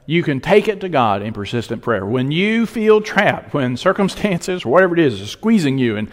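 Animated preaching man, hall echo. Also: mid-range voice. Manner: emphatic preaching with dramatic pauses. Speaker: pastor. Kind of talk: sermon.

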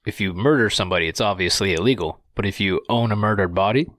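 A man's voice: on the low side, fairly bright tone, no room sound. Brief: male co-host, casual chat, frequent laughter, dry close mic. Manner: laughs often, quick quips. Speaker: podcast co-host.

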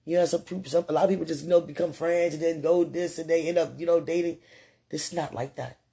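A woman with a husky, gravelly voice records a casual spoken message to someone she loves. Her tone is mellow and dark, and her talk wanders affectionately, broken up by frequent laughs. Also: low voice, steady tone, quick pace. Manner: affectionate, rambling, laughs often.

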